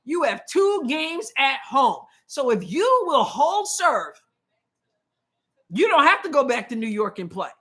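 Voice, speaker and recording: High-voiced woman hosting a live watch-along. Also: very animated, unhurried, a bit bright. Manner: chatty, reads viewer comments aloud, opinionated; play-by-play asides. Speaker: show host.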